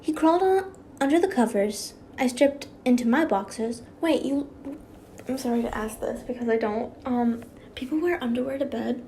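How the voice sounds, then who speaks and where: A woman's voice: a little high, moderate pace, dark tone, slight background noise. A young woman with a slight lisp, reading fanfiction aloud with rambling, giggly asides and stumbling over words. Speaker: fanfiction reader.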